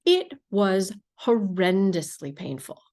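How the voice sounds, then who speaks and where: A woman hosting a podcast interview, telling stories in a casual, emphatic and animated way. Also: medium pitch, slow. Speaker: podcast host.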